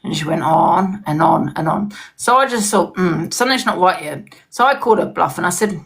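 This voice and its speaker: A woman's voice: lowish voice, lively intonation, a little fast, vocal fry, few pauses. A woman as an interview guest, talking in heated, emphatic casual chat and often repeating herself. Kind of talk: casual chat on a live stream.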